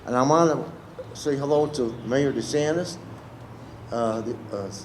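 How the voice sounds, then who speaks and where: Halting emotional man giving a speech. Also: mid-range voice, noisy background. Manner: unscripted, halting, gets choked up. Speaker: American Legion post commander. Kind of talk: ceremony speech and poem reading. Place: outdoor public ceremony.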